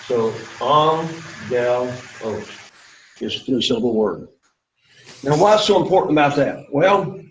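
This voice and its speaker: A man's voice: mid-range voice, lo-fi sound, a little hiss or hum. A middle-aged man teaching a Greek class, lecturing to students in an emphatic way and repeating his key points.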